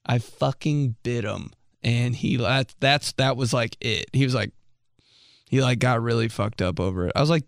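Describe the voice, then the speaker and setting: A man's voice: mid-range voice, expressive, normal speed, creaky, fairly bright tone, no echo, clean studio sound. A young man hosting a podcast, telling a rambling story in casual chat, full of "like"s, swearing and laughing as he talks. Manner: rambling, many "like"s, laughs often, swears freely. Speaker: podcast host.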